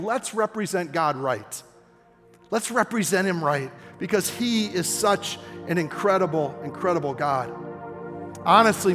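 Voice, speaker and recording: Impassioned older male preacher, high voice. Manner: impassioned, rising to near-shouts at key points. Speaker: pastor. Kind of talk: sermon. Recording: long hall reverb with faint music.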